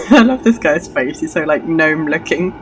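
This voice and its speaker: A woman's voice: low-pitched, animated, moderate pace, slight background noise. A woman streaming a game, chatting casually, giggling often and poking fun at herself. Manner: giggly, chatty, self-deprecating. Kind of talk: casual let's-play commentary. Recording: voice somewhat far from the mic.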